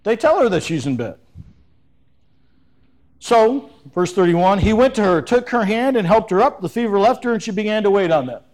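Lively, animated male preacher. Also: high-pitched, moderate pace. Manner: lively, conversational preaching with restarts. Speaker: pastor. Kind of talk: sermon.

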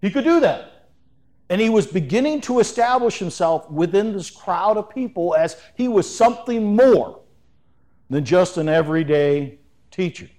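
A middle-aged male pastor gives a conversational sermon, breaking off and restarting his sentences as he goes. His voice sits fairly high for a man and swings widely in pitch. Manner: lively, conversational preaching with restarts.

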